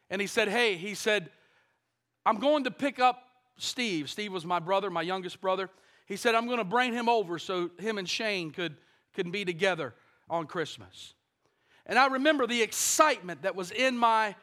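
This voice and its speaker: A man in his fifties gives a sermon testimony in a high, bright voice. He tells the story earnestly and often swings from soft to loud for emphasis. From Kentucky. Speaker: preacher.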